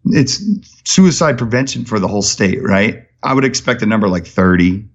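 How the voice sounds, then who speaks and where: Male podcast guest, lively storyteller, low voice, muffled lo-fi sound. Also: moderate pace. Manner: energetic storyteller, many restarts. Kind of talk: casual interview talk.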